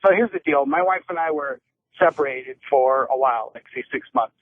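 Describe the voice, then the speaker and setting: A man's voice: on the high side, brisk, dry recording. A man calling in to a show, earnestly rambling through a personal story on a tinny phone line. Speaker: caller.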